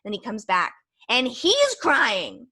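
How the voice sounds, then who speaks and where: A woman's voice: on the high side, wildly swooping pitch, slow pace, sharp tone, husky. A young woman hosting a podcast, telling a candid, rambling story in casual chat with lots of fillers. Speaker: podcast host.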